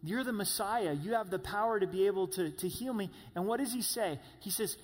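A man preaching a sermon, who rises to loud high cries when he voices pleas. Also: fairly quick, few pauses, long reverb tail.

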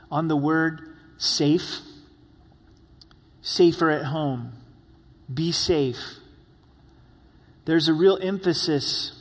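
A male pastor delivers an earnest sermon at a slow, deliberate pace, leaning on repeated words for emphasis. His voice sits a little high for a man. The sound rings out with a long reverb, as in a church hall.

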